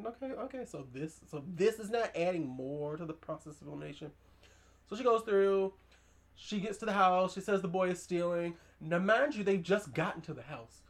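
A woman hosting a podcast, recapping a horror movie in casual chat, animated and emphatic, with slang and side comments. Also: lowish voice, normal speed. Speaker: podcast host.

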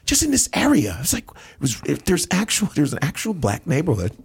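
A man's voice: fairly high pitch, wildly swooping pitch, brisk, creaky, slightly rough. A man from Nigeria, a comedian guest, telling casual stories on a talk show, acting out other people's voices and swearing freely. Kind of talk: casual podcast storytelling.

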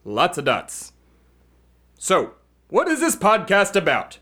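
A man's voice: sits high, wildly swooping pitch, slow, heavily acted. A man doing a brash, bombastic political fixer. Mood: boastful. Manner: bombastic, boastful, yelling. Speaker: podcast host. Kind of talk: comedy podcast character.

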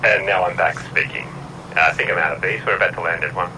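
A man's voice: deep voice, fairly even intonation, quick pace, voice pushed down, lightly acted. A man playing a pilot over the cabin PA. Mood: formal. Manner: formal announcer cadence breaking into silly bits. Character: male airline captain on the cabin PA. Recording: distant mic under loud aircraft cabin noise.

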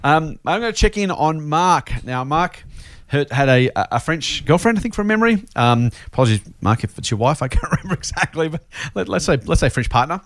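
Aussie guy cohosting a money podcast, talks fast, chatty, pokes fun at himself, dry close mic. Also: a little high, lively intonation, a bit bright, no room sound. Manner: chatty and self-deprecating, with frequent repeated words. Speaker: podcast co-host. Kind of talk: casual investing podcast chat.

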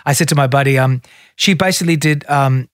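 A man's voice: medium pitch, brisk, no room sound, studio quality. A middle-aged man, a guest in a casual interview, telling stories and acting out what others said. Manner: animated storyteller, acts out quotes.

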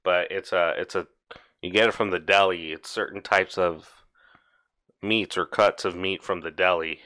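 Wry young man with a bright voice. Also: sits low, normal speed, no echo. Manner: wry, deadpan jokes and rambling explanations. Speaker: contestant guessing words. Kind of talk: casual chat during a drinking game.

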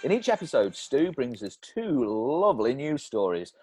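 A man's voice: mid-range voice, very animated, moderate pace, a little mellow, slightly rough, faint music behind. A man co-hosting a comedy podcast, bantering, laughing often and swearing casually. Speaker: podcast co-host.

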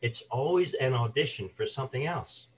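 A man's voice: medium pitch, moderate pace, recorded from a distance, low-quality recording. A man, an actor and voice artist, telling career stories as an interview guest and acting out the people he quotes. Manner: animated anecdotes, acts out quoted voices. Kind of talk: storytelling interview chat.

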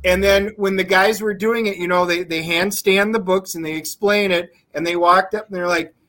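A man on a talk show as a guest, telling animated stories over a video call. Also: high-pitched, moderate pace. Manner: animated storytelling. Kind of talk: casual chat.

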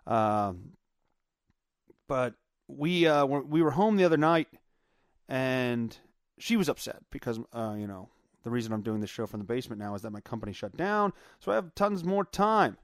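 A man's voice: mid-range voice, animated, normal speed, no echo, clean studio sound. A man hosting his own podcast from his home basement, chatting casually in a rambling, profane way with lots of filler words. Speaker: podcast host. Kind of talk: casual solo chat.

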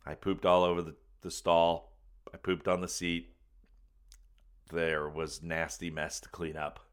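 A man telling a funny personal story in a folksy, animated way, calling people man and buddy, with faint music behind him. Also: low-pitched, measured pace, clean tone. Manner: animated, bursts into loud excited retelling.

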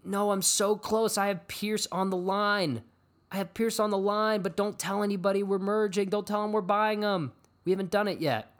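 A man's voice: big pitch swings, normal speed, hardly any pauses, fairly bright tone. A man putting on the voice of a nervous, evasive man in the middle of a deal, skittish and prim. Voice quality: high-pitched.

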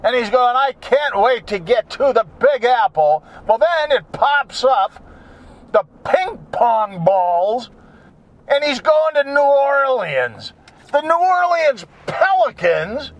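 A man talking in a casual, rambling, jokey monologue as a vlogger. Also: high-pitched.

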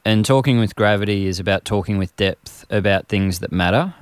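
A man's voice: deep voice, clear, resonant tone, no echo. A man with an Australian accent, talking earnestly as a guest about getting men to open up, often acting out what a man might say to his mate. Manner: passionate, acts out imagined dialogue. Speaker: guest speaker, men's workshop facilitator. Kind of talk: earnest conversational advice.

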